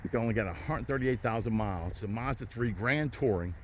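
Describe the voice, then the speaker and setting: Man, car dealer, mid-pitched, folksy hype pitch, outdoor lot with faint background noise. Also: a little fast. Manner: folksy, hypes deals, repeats "riding out" and "folks". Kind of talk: walk-around car sales pitch.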